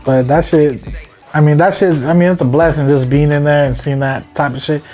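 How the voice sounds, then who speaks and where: A man's voice: on the high side, fairly even intonation, a little fast, a little mellow, soft background music. A young man hosting a casual interview, laid-back and heavy on slang. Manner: laid-back, frequent slang and back-channel "yeah". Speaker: host.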